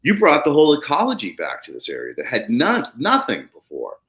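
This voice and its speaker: A middle-aged man with a medium-pitched voice talks a little fast as he hosts a podcast. In casual storytelling chat, he tells farm anecdotes animatedly and acts out the people he quotes.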